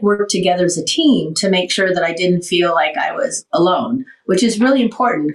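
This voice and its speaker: A woman's voice: fairly low pitch, recorded from a distance. Roomy-sounding woman talk show host. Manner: candid, animated storytelling. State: tired from recovering from surgery. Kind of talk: casual talk show chat.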